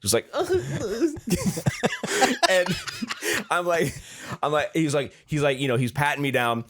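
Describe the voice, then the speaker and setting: A man's voice: medium pitch, normal speed, fairly bright tone. A man hosting a podcast, telling a story in casual chat, rambling with lots of restarts and acting out the other people's lines. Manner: acts out the other voices in his story. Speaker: podcast host.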